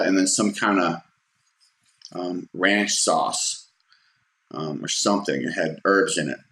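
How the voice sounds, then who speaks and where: Man, deep voice, loose anecdotal storyteller, pops up for quoted lines; roomy echo. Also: a bit bright. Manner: rambling, many fillers and restarts; acts out quotes in a raised voice. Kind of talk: casual personal storytelling.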